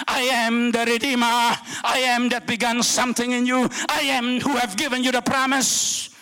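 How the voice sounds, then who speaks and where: Fervent high-voiced older male preacher. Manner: fervent, shouting exclamations with wide swings between loud and hushed. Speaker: guest preacher. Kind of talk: sermon.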